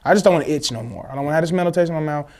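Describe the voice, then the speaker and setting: A young man, telling a personal story in casual, slangy, animated chat, acting out the voices of others. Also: fairly high pitch, rapid-fire. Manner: animated, swears freely, slangy, acts out quoted voices. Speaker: guest telling his story.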